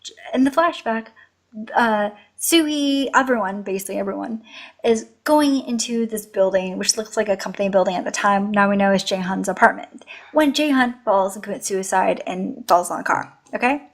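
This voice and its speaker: A woman co-hosting a drama review video, talking in a casual, animated and exasperated way. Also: medium pitch, normal speed. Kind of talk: casual chat.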